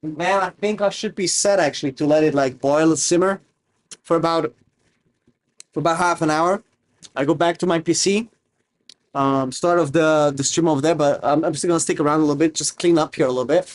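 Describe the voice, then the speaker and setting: A young Romanian streamer talks in a loose, rambling way while he cooks. His accent is a mix he picked up online, and his voice sits a bit high for a man. He keeps breaking off to read and answer his chat. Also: a little fast. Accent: mixed, mostly learned online. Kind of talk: casual livestream chat while cooking.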